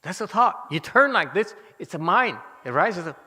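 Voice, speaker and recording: A man teaching a Buddhist dharma lecture, animated and teasing, with many rhetorical questions to his listeners. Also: high-pitched, moderate pace, breathy edge. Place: temple lecture hall. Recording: hall reverb.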